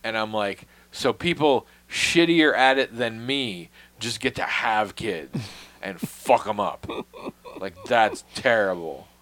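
A man with a fairly low voice chats casually, telling stories in a wry, self-deprecating way. He swears freely and drops to a mutter on his asides. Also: takes it slowly, fairly bright tone. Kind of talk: casual storytelling chat.

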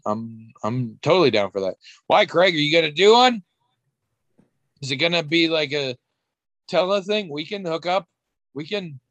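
A man's voice: a little high, no room sound. A man talking in casual podcast chat, rambling and wry, with frequent restarts and casual swearing.

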